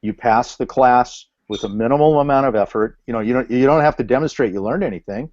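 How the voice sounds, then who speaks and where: A man with a mid-range voice explains a point at length, steady and measured as he builds it up. The audio is dry and dull, like a video call. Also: medium pitch, no room sound. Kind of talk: casual video call discussion.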